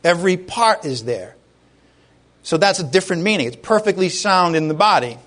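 A man's voice: high-pitched, expressive, normal speed, fairly bright tone. A middle-aged man preaching a conversational sermon as pastor, acting out short dialogues as he teaches.

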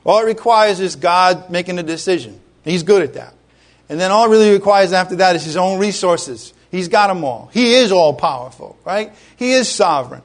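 Middle-aged male pastor from Rhode Island, high voice, chatty animated sermon with congregation asides. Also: moderate pace.

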